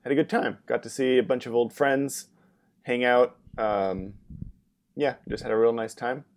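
A man's voice: medium pitch, steady tone, moderate pace. A man co-hosting a casual podcast over a remote call, laid-back and teasing. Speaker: podcast co-host. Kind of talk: casual chat. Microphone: headphones on a remote call.

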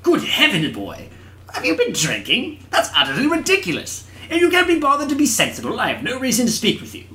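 A man voicing a pompous, old-fashioned gentleman explorer who is really a sea slug, in a put-on posh British accent. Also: extremely high pitch, huge pitch swings, brisk, a little hiss or hum, exaggerated voice. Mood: indignant. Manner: blustering, grandiose, indignant. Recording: roomy echo.

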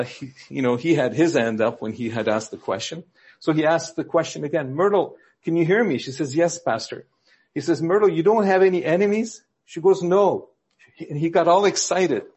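Husky man telling church jokes from the pulpit. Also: a little mellow. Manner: storytelling, acting out quoted characters with lifts in pitch. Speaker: pastor. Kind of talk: sermon with told jokes.

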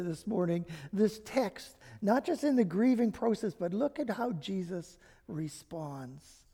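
Slow, mellow-voiced pastor in a reverberant hall. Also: mid-range voice. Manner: reads scripture aloud with dramatic emphasis; personal and reflective. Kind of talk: sermon.

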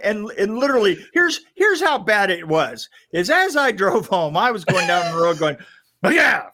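A man's voice: sits high, big pitch swings, moderate pace, bright, forceful tone. A middle-aged man telling a story as a podcast guest, rambling, stumbling over restarts and laughing at himself. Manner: rambling, stammering restarts, self-mocking laughter. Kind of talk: casual storytelling chat.

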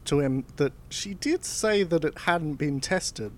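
Man, podcast co-host, casual film recap, slightly high voice, laid-back. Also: unhurried. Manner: relaxed storytelling with fillers. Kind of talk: casual chat.

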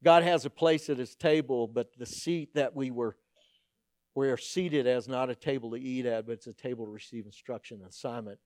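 A middle-aged man, preaching a sermon as a pastor and telling stories in an animated, humorous way. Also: medium pitch, fairly quick, no echo, clean studio sound.

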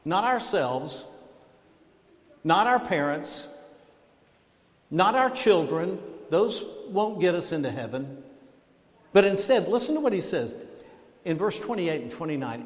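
Pastor, man, preaching with emphasis and pauses; long church reverb, voice a bit high. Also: sing-song. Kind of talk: sermon. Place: church sanctuary. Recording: echoey hall with long reverb.

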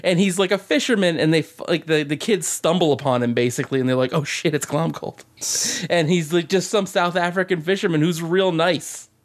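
This co-host talks briskly on the high side, barely pausing, as he tells loose, profane stories on a podcast and laughs his way through the casual chat.

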